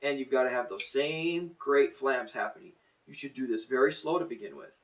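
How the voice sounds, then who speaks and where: A man's voice: medium pitch, normal speed, recorded from a distance, low-quality recording. A middle-aged man teaching a drum lesson, counting in and coaching in a plain-spoken, encouraging way.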